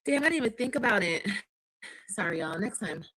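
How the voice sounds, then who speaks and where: A woman's voice: medium pitch, expressive, a little fast, a bit bright, husky, poor audio. A woman vlogging casually from home, chatting to viewers and answering comments. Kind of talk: casual chat.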